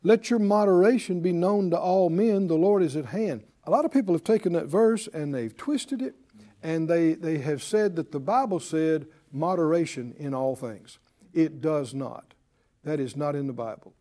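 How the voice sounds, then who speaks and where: A man teaching a Bible class as a sermon, animated and calling out to his class. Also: fairly high pitch, normal speed. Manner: animated, addresses the class, acts out panicked voices.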